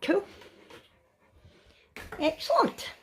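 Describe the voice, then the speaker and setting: A woman's voice: extremely slow, slight background noise. Tired, chatty Scottish woman vlogging from bed. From Scotland. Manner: chatty, laughs often, tired and relaxed. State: worn out. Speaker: family vlogger. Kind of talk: casual chatty vlog. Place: in bed at home.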